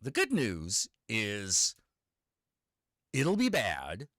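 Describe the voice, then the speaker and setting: Animated man in casual chat. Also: drawn-out words, no echo, clean studio sound. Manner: animated, swinging between loud emphasis and low mutters.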